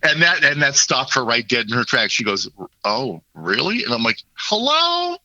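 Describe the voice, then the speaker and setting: A man in his fifties, a podcast guest, telling a long personal story with lively acted-out quotes. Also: medium pitch, brisk, dull audio, slight background noise. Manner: animated anecdote-telling, acts out quoted voices. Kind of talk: casual storytelling conversation.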